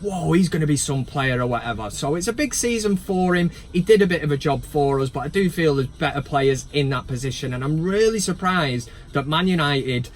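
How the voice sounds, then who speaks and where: Bloke rambling about football in his van, jokey and self-mocking, bit higher voice, camera mic. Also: lively intonation, brisk, hardly any pauses, a little hiss or hum. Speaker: football vlog host. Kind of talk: casual chat. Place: inside a van. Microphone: camera's built-in mic, no microphone.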